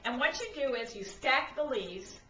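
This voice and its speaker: A woman's voice: a little high, animated, moderate pace, bright, forceful tone, slight background noise. A middle-aged woman from Brooklyn giving a casual cooking demonstration in her home kitchen, chatty and forever checking in with "okay?". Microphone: camcorder mic from a distance. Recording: echoey, distant, slightly dull camcorder audio.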